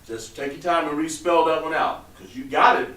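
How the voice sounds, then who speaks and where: A man teaching a class patiently coaxes his students, trailing off as he writes on the board. His voice is a little high and fairly bright, steady in tone at a moderate pace, picked up by a roomy, distant mic with background noise.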